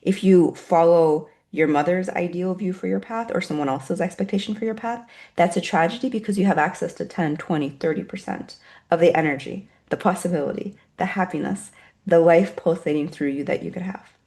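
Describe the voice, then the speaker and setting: A woman leading a guided meditation for an online group, speaking softly and slowly, then reading out chat replies and teaching more briskly. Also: on the low side. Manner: soft, slow and soothing while guiding, then brisker reading out chat replies. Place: online video session.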